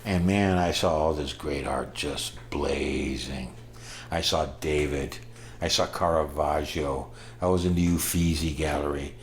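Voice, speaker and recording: A man in his sixties telling stories about his travels in a casual, animated way, acting out the people he met and breaking into loud excitement. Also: rumbling low, measured pace, slight background noise. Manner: animated, acts out voices, bursts of loud excitement. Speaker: storyteller recalling his travels. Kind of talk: casual spoken storytelling.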